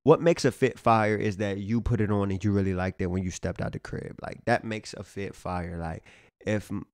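Man, low voice, dry close sound; relaxed slang-heavy fashion vlog delivery, lots of filler. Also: moderate pace, no echo. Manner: laid-back, profane slang-heavy street talk; filler-heavy, repeats "you know what I'm saying". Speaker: fashion vlogger. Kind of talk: casual talk to camera.

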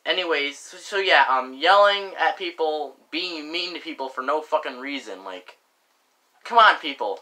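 A man's voice: a little high, animated, moderate pace, pushed and bright, poor audio. A young man ranting to camera in a casual, indignant monologue, full of fillers and mild swearing. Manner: indignant, repeats "frickin'" and "like" often, lots of filler. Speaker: vlogger.

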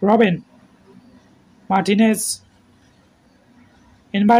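A man calls a football match play by play in a high voice. He talks slowly and keeps it terse, mostly just naming players as the ball moves. At the big moments he shouts. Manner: terse name-calling play-by-play, shouts at goals. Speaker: football commentator.

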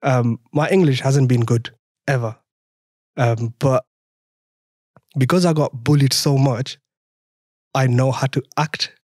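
A man's voice: medium pitch, fairly even intonation, takes it slowly, long pauses, darkish tone, no room sound, studio quality. A young man with a French accent, telling his story as a podcast guest, laughing often and acting out conversations. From France. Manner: laughs often, re-enacts dialogue animatedly. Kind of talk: casual storytelling interview.

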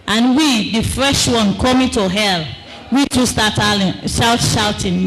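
A woman delivers a fervent religious testimony at an unhurried, drawn-out pace. She repeats phrases for emphasis and bursts into shouts. A faint hiss runs underneath. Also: a little high, poor audio. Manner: non-standard English grammar. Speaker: preacher giving testimony.

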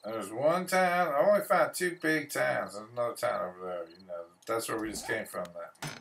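A man's voice: mid-range voice, normal speed, gravelly, a bit bright, distant mic. A man giving casual gameplay commentary, grumbling and swearing to himself as he plays. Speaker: gameplay streamer.

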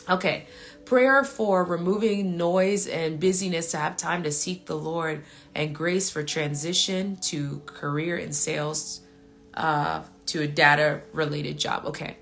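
A woman with a low voice leads spontaneous prayer on a live stream. She speaks with earnest, repeated declarations and loose fillers, and turns easily to talking with her viewers. Soft music plays faintly behind her. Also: fairly even intonation, a little slow.

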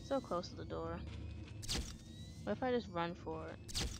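A woman's voice: lowish voice, a little slow, creaky, background noise. A woman hosting a let's play, talking in an exasperated, slangy way full of swearing. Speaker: gaming channel host.

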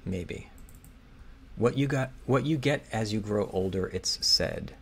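Man working a crossword aloud, low-pitched, unhurried and hesitant. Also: a little hiss or hum. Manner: muttering, hesitant, reads clues aloud slowly. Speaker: crossword solver. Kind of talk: thinking aloud while solving. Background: keyboard typing and clicking.

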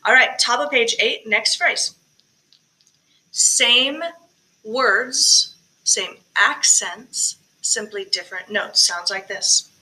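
High bright woman coaching a choir. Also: slow pace, rough recording. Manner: coaching, demonstrating sung phrases between spoken tips. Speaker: choir director. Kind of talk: choir rehearsal instruction. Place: recorded alone for virtual choir practice.

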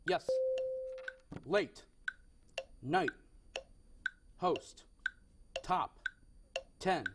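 A man's voice: on the high side, extremely slow, noisy background. A young man hosting a game show in a TV studio, with upbeat patter and frequent self-corrections.

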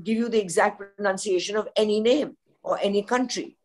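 A woman's voice: medium pitch, brisk. An older woman with an Indian English accent, a veteran news journalist speaking frankly on a podcast panel. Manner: forthright, opinionated storyteller.

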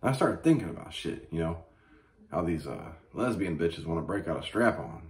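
A man hosting a comedy show, ranting crudely and profanely with mock outrage and animated storytelling. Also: sits low, moderate pace. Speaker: comedy podcast host. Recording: echoey room.

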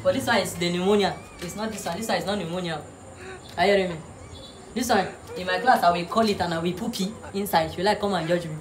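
A woman's voice: on the low side, fast talker. Teasing woman playing a mock teacher. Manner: mock-authoritative, teasing, repeats words with laughs. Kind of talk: comic classroom sketch. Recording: noisy background.

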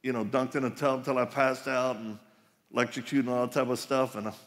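A man's voice: medium pitch, little pitch movement, fairly quick, a bit bright. A middle-aged man giving a live sermon at a conference, telling personal stories in an emphatic, joking way. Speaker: conference speaker. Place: large conference hall. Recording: reverberant live hall.

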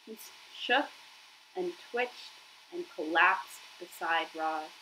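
A woman's voice: fairly low pitch, takes it slowly, sharp tone, a little hiss or hum, low-quality recording. A woman reading a children's novel aloud as narrator, telling the story expressively.

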